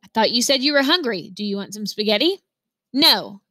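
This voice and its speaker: A woman reading aloud who voices a patient, puzzled father, asking gentle questions in her own bright voice. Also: on the high side, animated, a little fast, dry recording.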